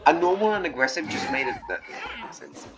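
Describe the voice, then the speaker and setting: A man doing casual gameplay commentary as a let's play host, excitable and chatting to the animals in his game. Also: on the high side, brisk, gravelly, over music, rough recording.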